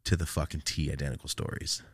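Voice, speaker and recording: A man's voice: extremely low pitch, quick pace. A young man from California, a podcast host, telling stories in casual chat, swearing constantly and laughing often. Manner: animated storytelling, laughs a lot, cusses constantly.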